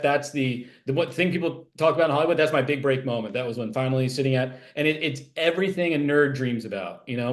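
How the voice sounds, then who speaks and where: A man being interviewed about his writing work, talking in a rambling way, full of fillers and restarts. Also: mid-range voice. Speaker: TV animation writer, interview guest. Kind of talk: casual interview chat.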